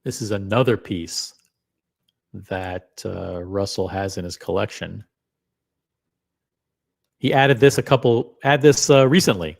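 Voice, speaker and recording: Rambling excitable male live-stream host. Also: lowish voice, a little slow, creaky, pauses often. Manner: excitable, swearing, rambling with fillers. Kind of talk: casual live-stream chat.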